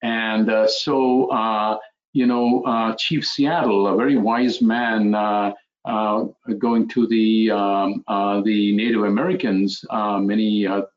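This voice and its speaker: A man, a physician, speaking reflectively in an interview, with many pauses and fillers as he tells stories. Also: fairly low pitch, little pitch movement, muffled recording. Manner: hesitant, many fillers, storytelling. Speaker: physician guest.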